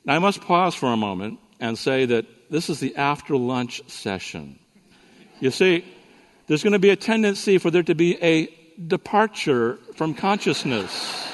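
A man delivers a lively sermon-style talk at a conference, his voice sitting a little high and carrying a long reverb from the hall. He swings between storytelling and teaching, tossing playful asides to the crowd. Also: moderate pace. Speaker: conference speaker.

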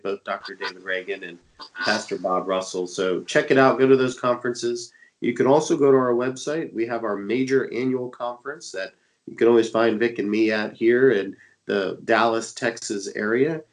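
Heard on poor audio, this fairly low-pitched man sounds congested, as if he has a cold. He's a co-host and internet evangelist on a religious radio show from around Dallas, Texas, speaking eagerly and filling his talk with fillers.

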